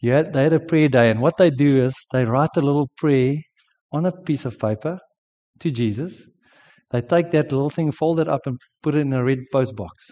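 South african guy quoting a tired teen girl, quiet and worn out, bit muffled. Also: medium pitch, moderate pace, close to an everyday voice. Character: tired, upset teenage schoolgirl.

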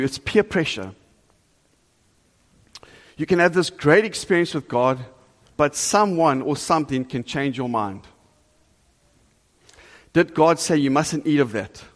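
A man preaching a sermon to a congregation, earnest and animated, asking the listeners direct questions. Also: fairly high pitch. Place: church hall before a congregation. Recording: long reverb of a large hall.

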